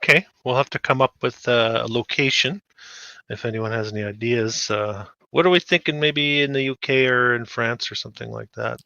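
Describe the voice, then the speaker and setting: A man co-hosting a casual chat, with a gravelly, bright, sharp-edged voice. He talks in a laid-back, agreeable way. The sound is dry and dull, like a lo-fi mic. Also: medium pitch, moderate pace, no echo. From Western Canada. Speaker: podcast co-host.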